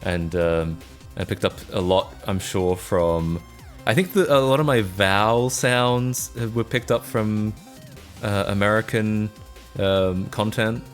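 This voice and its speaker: A man's voice: fairly low pitch, steady tone, slow pace, faint music behind. A tired young Australian man chatting casually with his stream, rambling and laughing, with lots of restarts. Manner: rambling, laughing often, many restarts and fillers. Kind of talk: casual live-stream chat.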